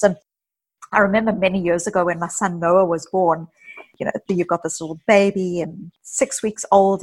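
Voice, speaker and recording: Husky middle-aged woman, psychologist guest chatting on a podcast, tells stories with lots of quoted bits. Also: lowish voice. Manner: animated storyteller, vivid anecdotes with quoted dialogue. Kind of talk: conversational podcast interview.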